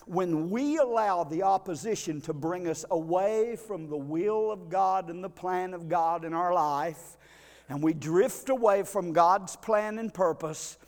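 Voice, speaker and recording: A man, preaching a sermon in a chatty way with asides to the congregation, rising to shouts and sinking to a hush. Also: high voice, unhurried, big-room sound. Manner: builds to shouting climaxes, then drops to a hush; conversational, with fillers and call-outs to the congregation.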